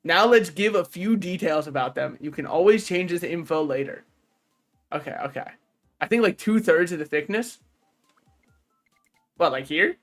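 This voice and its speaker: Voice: mid-range voice, moderate pace, long pauses, soft background music. Joking, cussing game streamer. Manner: joking, animated, swears freely; talks to chat and game characters. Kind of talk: casual gaming stream commentary.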